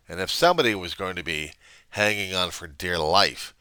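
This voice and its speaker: Speaking at a normal pace, this man addresses a reverend in a personal video diary, his very low, resonant voice carrying a forceful, pressing edge. He wanders and belittles himself, sliding from quiet reflection into abrupt raised bursts. The audio is clear, dry and close-miked, with no room around it.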